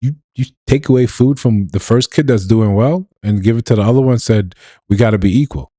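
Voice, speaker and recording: A man's voice: mid-range voice, a little fast, mellow, no echo. A man from New York hosting a casual live stream, talking loosely to his chat with laughs and restarts.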